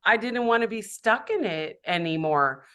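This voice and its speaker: A woman's voice: mid-range voice, expressive, moderate pace, a bit bright. A woman who works as a public speaker, a guest in a podcast conversation, talking reflectively and candidly about her own life.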